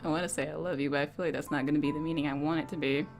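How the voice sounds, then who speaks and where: A woman's voice: deep voice, fairly even intonation, rapid-fire, soft background music. A woman streamer playing a visual novel on a live stream, reacting emotionally and talking through her choices. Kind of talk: let's play commentary and reading aloud.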